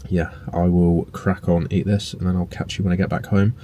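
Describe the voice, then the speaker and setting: Laid-back young man, deep flat voice. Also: fairly quick, a little hiss or hum. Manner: relaxed, rambling, with frequent fillers and mild swearing. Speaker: bodybuilding vlogger and personal trainer. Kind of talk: casual vlog chat to camera. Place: indoors at home and in a parked car.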